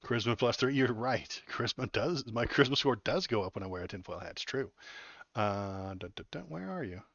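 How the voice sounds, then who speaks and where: A man's voice: mid-range voice, expressive, brisk, gravelly, fairly bright tone, no room sound. A male political live streamer giving casual, rambling, sarcastic commentary into a desk mic while wearing headphones. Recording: dull dry home stream audio.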